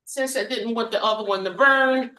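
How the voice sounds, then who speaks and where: A woman guest casually demonstrating a recipe and telling her story, halting and correcting herself often. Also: a little high, sharp tone. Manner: halting, self-correcting, many fillers.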